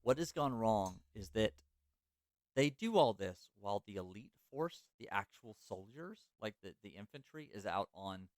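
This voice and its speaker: Podcast host, male, low smooth voice, casual storyteller, loose with "like" and restarts, dry close mic. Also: lively intonation, moderate pace, no room sound. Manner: loose, filler-heavy, self-correcting.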